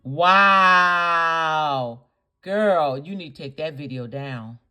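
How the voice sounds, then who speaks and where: Slow, scolding woman reacting to a video. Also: extremely low pitch, lively intonation, darkish tone. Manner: indignant, scolding, full of rhetorical questions; emphatic, repeats herself. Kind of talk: reaction commentary.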